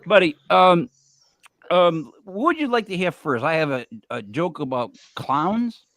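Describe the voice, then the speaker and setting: A man's voice: fairly high pitch, sing-song, measured pace, a bit bright, no echo. Rambling joke-telling male host. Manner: rambling joke-teller, lots of fillers. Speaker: show host. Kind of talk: joking casual chat.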